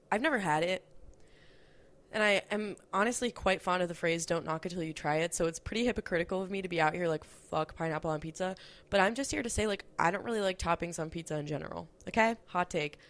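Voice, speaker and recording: A woman's voice: lowish voice, fairly bright tone. A young woman hosting a podcast, telling stories in a chatty, casual way, swearing freely and saying "like" a lot. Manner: chatty, profane, lots of "like". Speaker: podcast host. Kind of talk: casual storytelling monologue.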